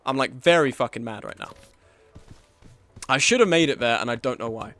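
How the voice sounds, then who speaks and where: A young man streaming a game live, frustrated and swearing, swinging between low muttering and loud outbursts. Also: fairly quick, no room sound.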